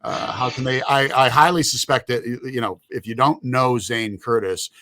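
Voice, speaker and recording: A man's voice: medium pitch, steady tone, normal speed, bright, forceful tone, no room sound. A man hosting a live show, talking in a jokey, playful, rambling way. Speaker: show host.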